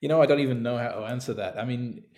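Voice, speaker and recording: A man's voice: medium pitch, racing, darkish tone. Earnest man co-hosting a podcast. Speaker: podcast co-host. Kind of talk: casual podcast chat.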